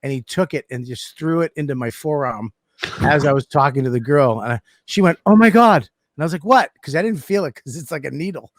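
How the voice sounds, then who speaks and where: A man's voice: medium pitch, a little fast, a little hiss or hum. A man on a casual comedy podcast, telling crude stories and laughing as he goes. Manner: profane, laughing anecdote-teller. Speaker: podcast co-host.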